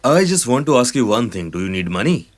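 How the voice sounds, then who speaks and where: A man's voice: mid-range voice, very animated, brisk. A man voicing a brusque, short-tempered company boss in a dubbed film, giving orders. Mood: scheming. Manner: bossy, curt.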